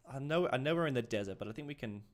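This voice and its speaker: A man's voice: medium pitch, animated, rapid-fire. Aussie guy rambling on a livestream, chatty, laughs a lot, trips over his words. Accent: Australian. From Australia. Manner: chatty, laughing, many restarts. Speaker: streamer. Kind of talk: casual livestream chat.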